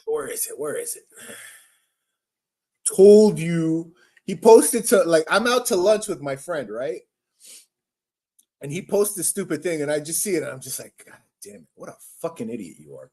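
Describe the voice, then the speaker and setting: A man's voice: expressive, measured pace, long pauses. Crude, mocking male show host. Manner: crude, mocking, shouts in sarcastic high voice. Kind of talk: ranting commentary on news clips.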